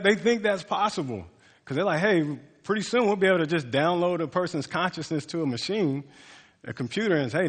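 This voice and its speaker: A male pastor delivers a sermon in a loose, conversational way, often restarting phrases and leaning on fillers. His voice sits a little high for a man. A long hall reverb trails behind his words. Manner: casual, conversational preaching with many fillers and restarts.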